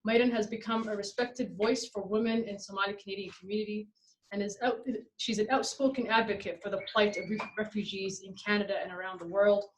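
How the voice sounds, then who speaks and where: A woman hosting an online community event, reading a measured, formal introduction of the next speaker. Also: mid-range voice, steady tone, slight background noise, low-quality recording. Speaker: event host.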